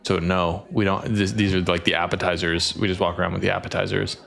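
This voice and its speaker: A man voicing a weary male banquet server who answers in a flat, matter-of-fact way. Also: sits low, fast talker, gravelly, voice pushed down.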